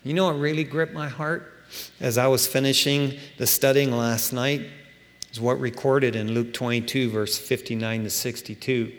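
A man preaching a sermon as pastor, animated and emphatic, with casual asides to his congregation. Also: medium pitch, normal speed. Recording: long hall reverb.

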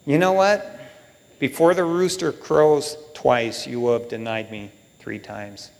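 A man's voice: mid-range voice, steady tone, a little slow, vocal fry, a little mellow. A man voicing a laid-back, teasing male teacher who talks in casual slang, heard with long reverb. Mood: calm.

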